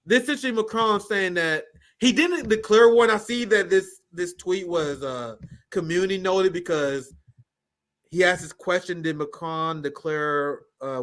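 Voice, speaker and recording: High-voiced profane male political host. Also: normal speed. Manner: blunt, profane, animated. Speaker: show host. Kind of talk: casual political commentary.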